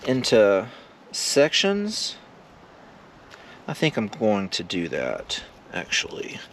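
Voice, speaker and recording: A man vlogging casually while camping alone, talking slowly and loosely with lots of fillers. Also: on the low side, a little hiss or hum. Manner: slow, rambling, laid-back talk with many fillers. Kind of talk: casual solo camping vlog. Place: outdoors at a windy campsite.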